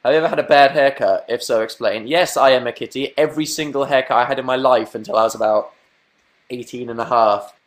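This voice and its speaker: A man's voice: mid-range voice, fast talker. A young man with a southern English accent, chatting playfully through viewer questions on a livestream from his room. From southern England. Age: young adult. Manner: playful, self-mocking, bursts into silly sing-song noises. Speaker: livestream host. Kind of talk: casual livestream chat answering viewer questions.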